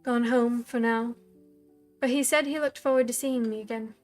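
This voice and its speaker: A woman's voice: a little high, steady tone, moderate pace, faint music behind, lightly acted. A woman reading aloud and voicing a frightened young woman who pleads earnestly and halts over her words. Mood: pleading.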